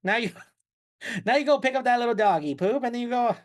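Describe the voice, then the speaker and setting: A blustering 1950s movie tough guy barks orders in a raised, punchy voice, as a man puts him on. He speaks in a loud, theatrical old-movie manner, bossy and sure of himself. His pitch swings freely from line to line. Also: animated, moderate pace, lightly acted.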